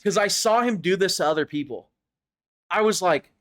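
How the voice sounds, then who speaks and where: A man's voice: high-pitched, expressive, moderate pace, a bit bright. A young man casually commenting over his own tournament footage, rambling and self-critical, swearing and laughing at his mistakes. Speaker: gaming YouTuber reviewing his own tournament match.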